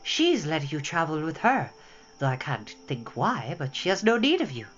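A storytime reader voicing a bitter, weary middle-aged woman who cries out and scolds, raising the pitch high. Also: very animated, moderate pace, a bit bright. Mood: tart. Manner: shrill, tearful, scolding. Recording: dull lo-fi with faint music.

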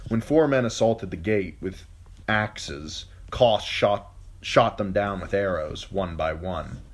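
A male audiobook narrator with a deep, low voice, reading a fantasy chapter aloud. He tells the story steadily, fixing an occasional slip as he goes. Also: slow. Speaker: audiobook reader. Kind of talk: scripted narration.

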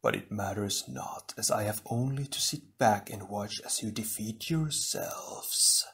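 A man voicing a sinister male spirit of darkness, slow, hushed, hissing and mocking. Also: on the low side, creaky. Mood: silky mocking. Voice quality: hissing, silky, cooing.

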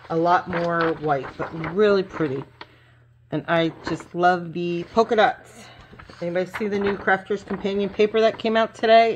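A woman's voice: lowish voice, slight background noise. A middle-aged woman chatting casually at her home craft table as she unboxes papers, gushing over each sheet with plenty of fillers. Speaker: craft vlogger. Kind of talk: casual unboxing show-and-tell.

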